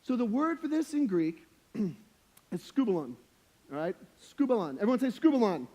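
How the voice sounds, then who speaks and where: Young male pastor, high voice, casual slangy sermon, jokey and emphatic. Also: sing-song, moderate pace, mellow. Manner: humorous, emphatic preaching.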